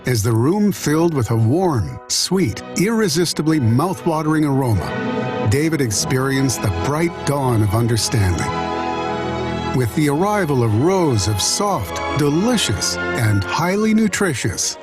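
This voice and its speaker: Guy reading a story out loud, really lively up and down voice, music under it. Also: mid-range voice, measured pace. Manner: expressive, animated storytelling. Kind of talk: storybook narration. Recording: narration over clear background music.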